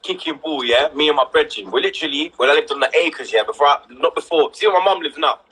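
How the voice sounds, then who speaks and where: A man telling a story in a casual livestream chat, slangy and animated, often checking in with "yeah?". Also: on the high side, fast, slightly rough.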